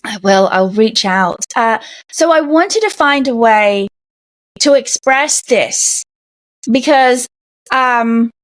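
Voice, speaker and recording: A woman guest on a podcast, telling stories in a lively way and acting out the voices of the people in them. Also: on the high side, takes it slowly, no room sound. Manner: animated storyteller, acts out quoted voices. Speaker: podcast guest, comedian and author. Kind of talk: casual interview talk.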